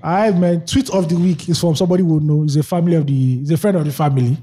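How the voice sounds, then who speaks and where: A man's voice: on the high side, fairly even intonation, mellow, a little hiss or hum. A young Nigerian man co-hosting a podcast, chatting casually and jokingly, slipping into pidgin. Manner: fast, joking, mixes in pidgin. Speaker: podcast co-host. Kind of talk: casual chat.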